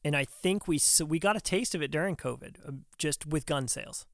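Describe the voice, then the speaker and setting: Young guy telling a wild story on a podcast, kinda high voice, does little voices for what people said, dry close sound. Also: no room sound. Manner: acts out other people's words in quick quoted bits. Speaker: podcast guest, firefighter. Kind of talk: animated storytelling in casual conversation.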